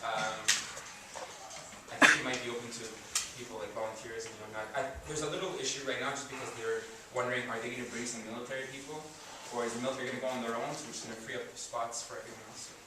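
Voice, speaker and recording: Soldier talking to a class, distant and echoey. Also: male voice, medium pitch, fairly even intonation, fast. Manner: conversational, rambling explanations with frequent restarts. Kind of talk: informal classroom talk. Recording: echoey room, distant mic, noisy.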